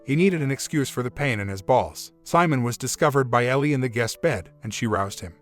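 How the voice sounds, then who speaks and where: A man narrating a first-person relationship story as scripted narration, in a steady, matter-of-fact reading. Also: medium pitch, brisk, faint music behind.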